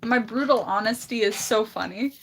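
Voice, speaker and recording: A woman's voice: on the high side, fairly bright tone, slight background noise. A woman chatting casually on a livestream, blunt and laughing often, with a slight lisp. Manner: blunt, laughs often, drawls words out slowly.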